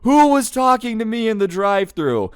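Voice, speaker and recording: Man playing a loud entitled woman who screams threats, high and shrill, dry close sound. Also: normal speed, clean tone, no room sound, close to an everyday voice. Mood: screaming. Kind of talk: storytime narration.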